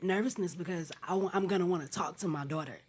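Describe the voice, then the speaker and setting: A woman's voice: fairly low pitch, quick pace, a little mellow, slight background noise. A woman who is a podcast guest, talking casually and earnestly explaining her upcoming surgery. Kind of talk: casual chat.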